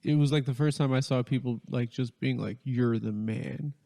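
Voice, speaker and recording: A man's voice: mid-range voice, steady tone, fairly quick, creaky, mellow. A man chatting casually on a podcast, telling stories with many fillers and self-corrections.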